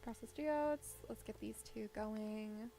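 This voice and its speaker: Female game streamer, chatty and rambling, slight gravel in the voice. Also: on the high side, slow pace, a little hiss or hum. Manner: chatty, rambling, thinks out loud with little laughs. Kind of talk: casual gameplay commentary. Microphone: desk microphone set low.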